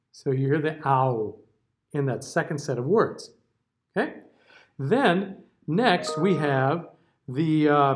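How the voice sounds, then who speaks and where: Man, voice teacher, singing diction lesson, slow delivery, a bit high-pitched, demonstrates sounds. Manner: patient, explanatory, demonstrates sounds aloud.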